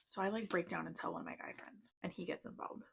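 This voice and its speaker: Gravelly, husky woman in her thirties. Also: on the low side, steady tone, fast talker, a bit bright. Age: 30s. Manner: chatty, lots of "like", tense retelling. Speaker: vlogger. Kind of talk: casual storytime while doing makeup.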